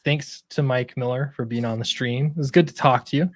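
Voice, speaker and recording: A man's voice: mid-range voice, fairly even intonation, fairly quick, a little hiss or hum. A man from Utah hosting a stream, chatting casually and often trailing off unsure of himself. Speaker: stream host. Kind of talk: casual chat.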